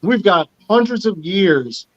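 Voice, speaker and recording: A man's voice: sits high, expressive, slow. A man hosting a casual panel discussion, speaking earnestly and with emphasis. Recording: muffled lo-fi audio.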